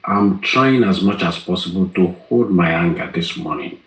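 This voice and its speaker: A man speaks slowly and earnestly in a low, deep voice. He pleads and weighs every phrase. The sound is echoey and roomy. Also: a bit bright. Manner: pleading, earnest, slow and deliberate. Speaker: participant. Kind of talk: live online group talk.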